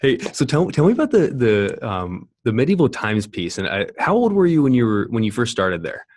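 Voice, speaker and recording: A man in his thirties with a low voice, hosting a podcast interview in a chatty, enthusiastic way. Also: sing-song, brisk, a little mellow, dry recording. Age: 30s. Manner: enthusiastic, rambling, many restarts. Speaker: podcast host. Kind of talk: casual interview chat.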